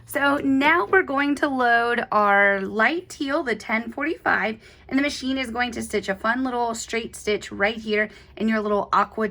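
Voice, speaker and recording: Young woman, craft tutorial host, slightly high, gushing and chatty while she demonstrates. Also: bright, forceful tone.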